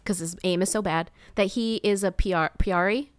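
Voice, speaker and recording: A woman co-hosting a podcast, recapping a movie in casual chat, animated and swearing, laughing often. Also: mid-range voice, normal speed, clear, resonant tone. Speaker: podcast co-host.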